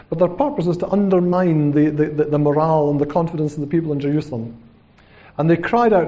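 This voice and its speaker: A man's voice: a little high, fast, warm tone. A man preaching a sermon in a conversational way, often checking in with a rhetorical "hmm?" and acting out the quotes dramatically. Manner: dramatic retelling with acted-out quotes. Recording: dull lo-fi recording.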